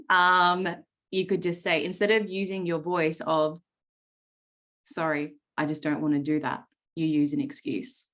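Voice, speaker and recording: An Australian woman in her thirties coaching traders on a video call, blunt and swearing freely, often checking in with "right?". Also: on the low side. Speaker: trading coach. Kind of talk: live coaching session talk.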